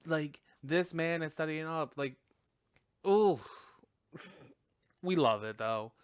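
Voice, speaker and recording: Profane, animated male podcast host. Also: on the high side, moderate pace, clear, resonant tone, no room sound, studio quality. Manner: profane, animated, laughs often. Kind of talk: casual film review chat.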